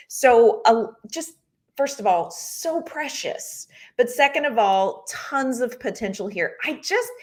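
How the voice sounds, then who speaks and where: Woman co-hosting a sports podcast, gushy and excited, rambles a bit. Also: on the high side. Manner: enthusiastic, gushing, rambling. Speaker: podcast co-host. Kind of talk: casual sports podcast chat.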